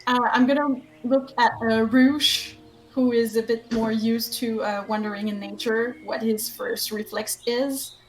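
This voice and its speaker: A woman's voice: fairly high pitch, steady tone, a little slow, poor audio. A woman playing a tabletop game, talking casually with some hesitation. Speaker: player.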